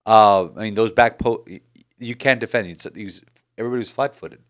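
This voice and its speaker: A man hosting a casual sports podcast, animated and rambling with frequent restarts. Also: lowish voice, fairly quick. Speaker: podcast host.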